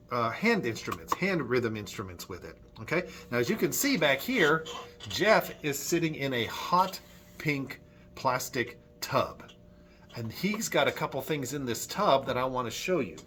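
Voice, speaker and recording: A man's voice: mid-range voice, sharp tone, a little hiss or hum. A man leading a children's Sunday school music lesson at church, friendly and patient, clapping and chanting rhythms.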